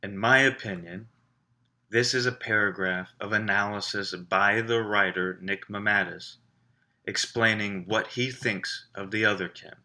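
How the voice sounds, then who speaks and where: A man teaching a writing class, walking students through a reading with measured explanations and rhetorical questions. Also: lowish voice, steady tone, sharp tone.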